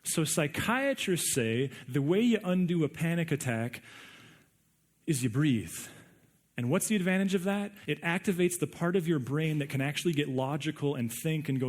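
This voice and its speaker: A man preaching a sermon in a conversational, animated way, often restarting his words. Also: a little high, normal speed. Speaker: pastor.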